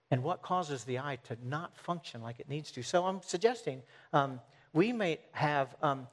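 A man preaching a sermon in an earnest way, stressing points by repeating them and sometimes restarting phrases. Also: medium pitch. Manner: earnest, repetitive emphasis with halting restarts.

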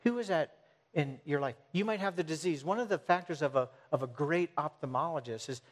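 Male preacher, earnest, repetitive emphasis, slightly high voice, some halting restarts. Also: expressive. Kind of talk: sermon.

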